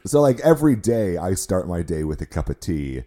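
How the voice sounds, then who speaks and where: An American podcast co-host with a very low, hoarse voice roughened by a cold. His tone is dark and mellow, and he keeps the talk relaxed and jokey. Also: normal speed. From United States. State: hoarse, deep sick voice. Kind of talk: casual chat.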